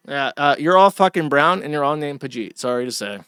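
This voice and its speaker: A man's voice: on the high side, expressive, brisk, hardly any pauses, pushed and bright, smooth, dry recording, clean studio sound. A man hosting a livestream, ranting and swearing in casual commentary. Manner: profane, ranting. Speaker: stream host.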